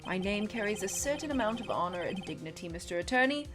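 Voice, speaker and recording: A woman's voice: medium pitch, animated, quick pace, over music, lightly acted. Woman doing a courteous British assassin. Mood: polite menace. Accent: put-on British. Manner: courteous, formal and coolly threatening. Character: polite, menacing male assassin. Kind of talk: reading game dialogue aloud.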